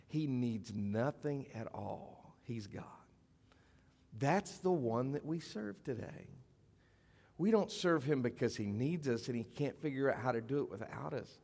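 A pastor preaching in a reverberant hall. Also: male voice, medium pitch, gravelly, a little mellow. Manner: conversational preaching, slows for emphasis, drops to near whisper. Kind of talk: sermon. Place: church sanctuary. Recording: long reverb of a church hall.

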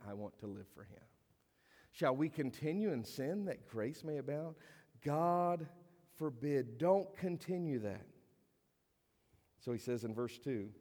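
A man's voice: mid-range voice, darkish tone, long reverb tail. A man preaching a sermon as pastor, earnest and conversational, with rhetorical questions and scripture reading in a church.

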